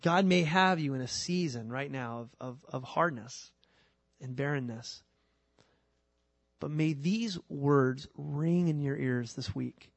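A man preaching a sermon in a relaxed, everyday manner, pushing some lines out loud and dropping others to a quiet, earnest tone. His voice sits a little high for a man. The sound is close and dry, with no room around it. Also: slow, vocal fry, no room sound. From California. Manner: animated, colloquial preaching that swings between loud emphasis and quiet, earnest lines. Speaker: pastor.

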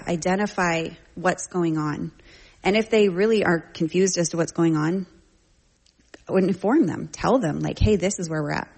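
A middle-aged woman and parent teaching from scripture in a conversational, slangy style, telling lively family stories. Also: fairly low pitch, vocal fry, husky. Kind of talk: casual teaching talk.

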